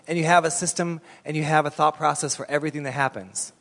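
Middle-aged male pastor, sermon, slightly high voice, chatty storytelling, long church hall reverb. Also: a little fast, creaky, hardly any pauses. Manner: storytelling, animated, conversational.

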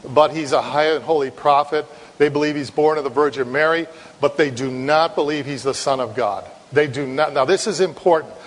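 A man from Ireland, a missionary preacher, giving a sermon in a conversational storytelling way, often repeating words. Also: a little high. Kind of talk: sermon with anecdote. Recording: long reverb in a hall.

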